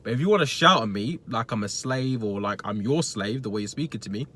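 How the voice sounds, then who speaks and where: Young man, casual rant, swearing, animated storytelling. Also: medium pitch, a little fast. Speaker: retail worker vlogger.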